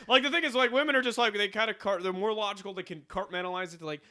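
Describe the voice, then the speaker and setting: A man's voice: sits high, animated, racing, hardly any pauses, pushed and bright. A man co-hosting a comedy podcast, talking in casual banter, ranting and acting out quoted voices. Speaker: podcast co-host.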